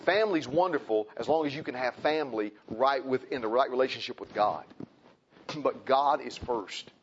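A man preaching a sermon, impassioned and repetitive, swinging from loud emphasis to quiet pleading. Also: medium pitch, normal speed, a little hiss or hum. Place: church. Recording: dull lo-fi recording.

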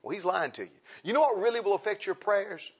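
A man preaching with a gravelly, husky voice that rises and falls in a lively sing-song. His folksy sermon drops to hushed asides, then jumps to loud exclaims. The recording is dull and lo-fi. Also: sits high, fast talker. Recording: dull lo-fi sound.

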